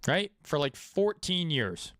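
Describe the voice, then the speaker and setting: Male crypto host, raised pitch, dry close sound, crude riffing delivery. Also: big pitch swings, slow, fairly bright tone, no room sound. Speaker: crypto trading commentator. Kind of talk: casual market commentary.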